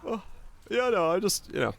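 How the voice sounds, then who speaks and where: A man's voice: high-pitched, very animated, normal speed, creaky, slight background noise. A man streaming a video game, chatting casually in a laid-back, joking and sarcastic way, sleepy and yawning. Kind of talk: casual live-stream chat while gaming.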